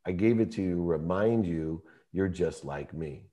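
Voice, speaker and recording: A man quoting his remorseful older father in a soft, subdued, pleading voice. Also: low voice, moderate pace, close to an everyday voice. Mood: regretful.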